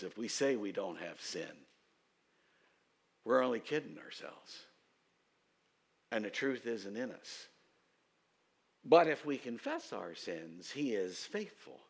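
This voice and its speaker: A man preaching a sermon as pastor, telling stories and rising to loud, emphatic outbursts. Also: medium pitch, creaky.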